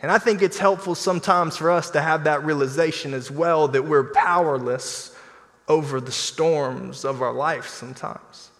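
A man preaching a sermon as pastor, in an animated, conversational style with playful asides. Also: fairly high pitch, moderate pace. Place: church sanctuary. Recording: long church hall reverb.

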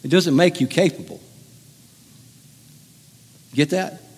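A male pastor preaches a sermon in a loose, conversational way, teasing and joking with his congregation. His voice sits a bit high, and his words carry a long reverb through a large church hall. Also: slow pace, darkish tone, breathy edge.

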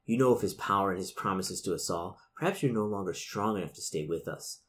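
A man's voice: deep voice, quick pace, a bit bright, a little hiss or hum, voice pushed down. A man voicing a zealous younger male cultist who scolds an older follower, read aloud from a gamebook. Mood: angry. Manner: angry, reproachful.

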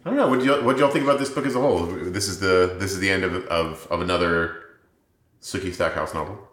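Very deep-voiced man podcasting with bright edge. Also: fast. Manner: hesitant, repeats words, jokes. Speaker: podcast co-host. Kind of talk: casual book-club chat. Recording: roomy echo.

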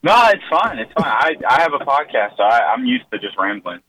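A man's voice: medium pitch, animated, fairly quick, a bit bright, breathy edge, low-quality recording. A young man calling in to a radio show, teasing with mock indignation. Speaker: caller, co-host's brother.

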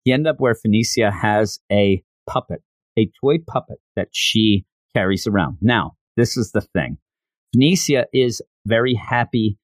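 A man's voice: mid-range voice, no room sound. Brief: man, casual rambling recap, very dry close sound. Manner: enthusiastic, rambling. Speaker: show reviewer.

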